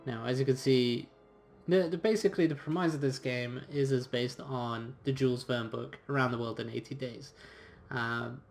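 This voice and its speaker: A man's voice: medium pitch, fairly even intonation, normal speed, creaky, faint music behind. Casual man narrating a story game. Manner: casual and chatty, with fillers and restarts. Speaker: game streamer. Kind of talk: let's-play commentary and reading game text aloud.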